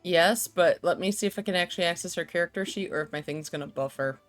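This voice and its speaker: A woman's voice: lowish voice, fast talker, faint music behind. A woman playing an online tabletop game, chatting casually with the group. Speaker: player.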